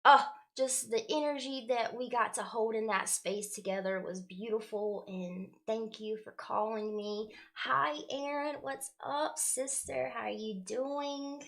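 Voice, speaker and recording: A young woman hosts a spiritual livestream. She chats casually, greets viewers with affection and swears now and then. Her voice sits a little high. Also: fairly even intonation, a little slow, gravelly, few pauses. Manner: warm, effusive, greets viewers by name with spiritual terms. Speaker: spiritual livestream host and card reader.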